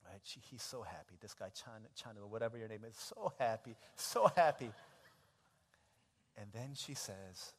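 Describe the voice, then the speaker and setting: Give me an animated male pastor preaching, with a long hall reverb. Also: normal speed. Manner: animated storytelling, big swings in pitch and loudness. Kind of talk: sermon.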